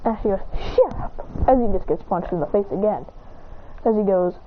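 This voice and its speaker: A woman's voice: mid-range voice, fast. A woman casually retelling a fan-made story, rambling and stringing lines together with "he goes". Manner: rambling, piles up "he goes" narration. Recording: tinny phone-like line with faint noise.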